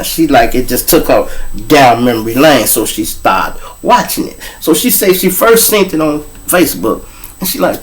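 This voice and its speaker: A man's voice: mid-range voice, expressive, measured pace. A man from Chicago hosting his show, telling a story in a casual, profane style full of street slang. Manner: profane, street slang, addresses listeners as y'all. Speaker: host, storyteller.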